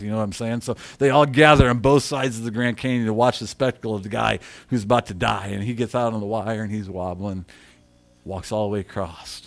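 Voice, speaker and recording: A man preaching a sermon as a story, chatty and repetitive, breaking into loud acted shouts. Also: lowish voice, gravelly. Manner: animated storyteller who shouts quoted lines; conversational, repeats himself.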